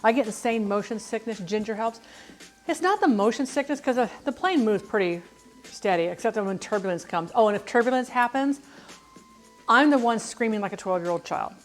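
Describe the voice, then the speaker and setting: A woman's voice: on the high side, lively intonation, fairly quick, faint music behind. A middle-aged woman chatting while she cooks on a livestream, rambling and self-deprecating. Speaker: cooking livestreamer. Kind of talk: casual chat while cooking on a livestream.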